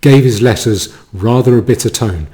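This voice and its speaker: A man reading the lines of a bankrupt upper-class 1920s English gentleman in a clipped, airy, upper-class English accent. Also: medium pitch, moderate pace, close to an everyday voice. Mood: breezy.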